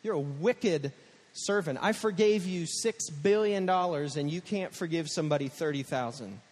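A preacher voicing a stern scolding master from a parable. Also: male voice, a little high, normal speed, a little mellow, big-room sound, close to an everyday voice.

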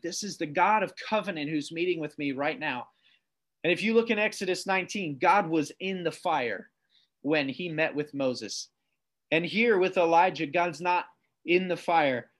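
A preacher delivering a sermon straight to viewers at home, with a fairly high voice. He reads scripture aloud and slows right down on the words he wants to land. He keeps turning questions back on the listener. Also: fairly bright tone. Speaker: pastor.

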